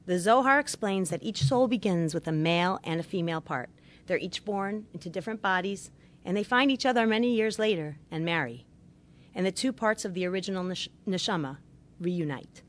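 A middle-aged woman, a marriage therapist, giving an earnest instructional talk on marriage with religious teaching and gently stressing her key points. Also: mid-range voice, lively intonation, a little fast.

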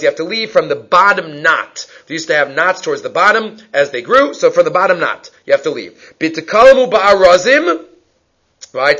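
On a dull lo-fi recording, a man with a fairly high, fairly bright voice teaches a Talmud class. He reads lines in Aramaic, explains them in English, and poses questions he then answers himself.

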